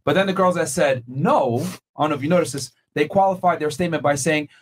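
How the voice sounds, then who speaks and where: A man hosting a podcast panel, measured and explanatory as he polls guests on a studio mic. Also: a little high, slight background noise. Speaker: podcast host.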